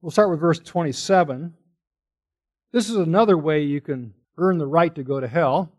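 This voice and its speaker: A man's voice: fairly high pitch, normal speed, a little mellow. A man preaching a sermon, explaining scripture in an earnest teaching manner with pointed questions to listeners. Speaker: pastor.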